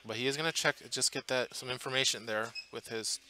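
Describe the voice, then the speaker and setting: Male game commentator, bright tone, casual and rambling, slight background noise. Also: mid-range voice, fairly even intonation, fairly quick. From Portland area, US. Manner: chatty, thinking aloud with many fillers and restarts. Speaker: tournament commentator. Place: tournament hall booth.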